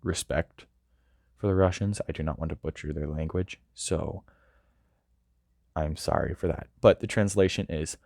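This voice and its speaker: A man's voice: a bass voice, normal speed, gravelly, long pauses, darkish tone, dry recording, clean studio sound. A man reading a first-person story aloud, earnest and with small stumbles. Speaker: audiobook reader.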